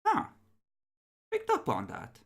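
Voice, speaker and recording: A sly male vampire elder, as a game master puts him on in a tabletop horror game, with slow, insinuating phrasing. His pitch rises and dips widely. The tone is that of someone weighing up a recruit. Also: wildly swooping pitch, vocal fry, slightly rough, heavily acted. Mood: scheming.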